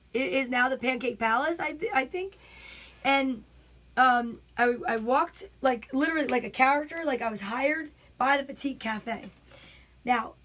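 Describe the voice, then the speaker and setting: Animated New woman comic, high voice, casual home storytelling. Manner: animated, chatty, frequent asides. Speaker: comedian.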